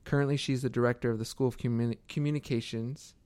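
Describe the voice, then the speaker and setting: A man's voice: mid-range voice, steady tone, fast, warm tone, no room sound. Friendly man hosting a podcast. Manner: friendly, stumbles and restarts, laughs easily. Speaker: podcast co-host. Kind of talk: casual podcast interview.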